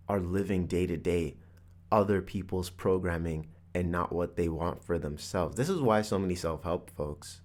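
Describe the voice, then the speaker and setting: A man's voice: low voice, darkish tone. A man hosting a podcast, telling a personal story in an earnest, reflective motivational monologue. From Canada. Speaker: podcast host.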